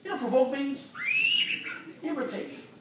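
An older man with a very high-pitched voice preaches at normal speed in a church sanctuary, telling folksy, humorous stories in everyday speech. Heard from far off in an echoey recording, he's accompanied by heavy background noise and the audible congregation.

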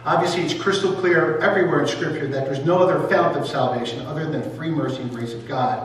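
A male pastor with a fairly high voice delivers an emphatic sermon, often turning to rhetorical questions. The sound comes from a distance and booms around a large, reverberant church hall, with a faint hum beneath it. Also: a little fast. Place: church sanctuary. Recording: echoey hall, mic far off, faint hum.

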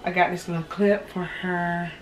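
A woman's voice: lowish voice, little pitch movement, moderate pace, a little hiss or hum. A pregnant woman in her thirties chatting casually to viewers, a bit out of breath, calling them y'all as she goes. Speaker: vlogger, expectant mother. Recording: echoey home room, distant camera mic.

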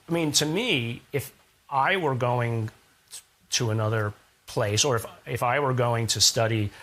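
A man's voice: medium pitch, fairly bright tone. A man being interviewed as a scientist guest, explaining ideas through analogies and rhetorical questions in a thoughtful, conversational way.

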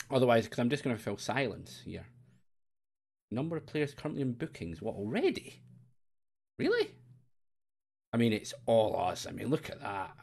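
Man with a gravelly, lively voice. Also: mid-range voice. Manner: chatty and self-mocking, with sudden excited outbursts. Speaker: streamer playing a football management game. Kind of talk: live-streamed gameplay commentary.

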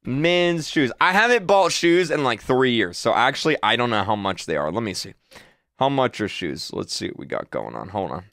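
An excitable man in his twenties chats casually through a reaction video. He repeats himself and jumps into high shouts. His voice is bright and swoops widely, and the recording is close and dry. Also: normal speed, no room sound. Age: 20s.

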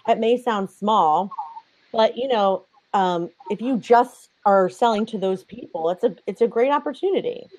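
A woman's voice: medium pitch, normal speed, a little mellow. A woman interview guest chatting casually and enthusiastically about podcasting.

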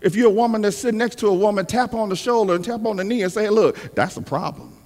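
A man preaching a sermon as pastor, emphatic and calling for responses, with shouted peaks. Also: high voice, steady tone, racing, long reverb tail.

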